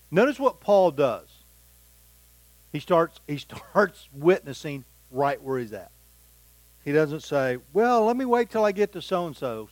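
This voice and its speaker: A man's voice: fairly high pitch, a little mellow, dry recording, poor audio. Dry-miked man teaching the Bible. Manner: reads scripture aloud and explains it in plain words.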